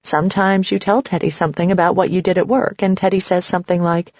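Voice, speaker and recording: A woman narrating a scripted story in a slow, measured second-person manner. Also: lowish voice, flat delivery, a little mellow, dry recording, muffled recording.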